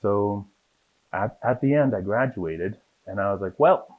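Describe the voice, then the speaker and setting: A man telling lively stories about his acting career in a casual interview, acting out the people in them. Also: lowish voice, unhurried. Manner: animated storyteller, acts out voices in his anecdotes. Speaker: guest, actor. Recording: dull lo-fi sound.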